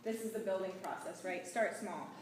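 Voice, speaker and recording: A middle-aged woman teaching a puppy training class, upbeat, with squeaky high praise for the dogs. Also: moderate pace, noisy background. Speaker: dog trainer. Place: large indoor training hall. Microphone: camera mic from across the room. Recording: echoey hall from far off.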